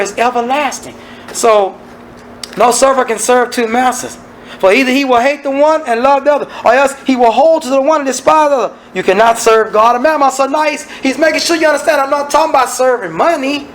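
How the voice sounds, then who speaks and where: A man's voice: extremely high pitch, gravelly, a little hiss or hum, rough recording. A man teaching a Bible study, asking his listeners one rhetorical question after another. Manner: preachy, asks many rhetorical questions.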